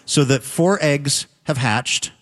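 A man's voice: medium pitch, takes it slowly. Wry joking man, reverberant. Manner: wry, joking, slightly snarky. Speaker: podcast co-host. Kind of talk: casual news chat. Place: lives in the countryside.

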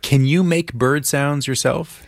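A man's voice: mid-range voice, steady tone, measured pace, vocal fry, dry recording. A man hosting an interview, asking questions hesitantly with restarts. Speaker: interviewer host.

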